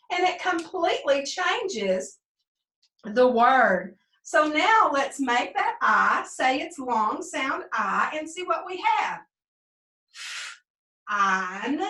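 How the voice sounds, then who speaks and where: A woman teaching first grade phonics, prompting young pupils and slowly sounding out words in a sing-song way. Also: high-pitched, sharp tone. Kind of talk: remote phonics lesson for young children. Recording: echoey room, mic at a distance.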